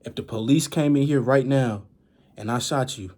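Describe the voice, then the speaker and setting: A young man puts on a calm, menacing father for a storytime vlog. The voice is husky and sits at a middle pitch, blunt and threatening without shouting. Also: normal speed, lightly acted.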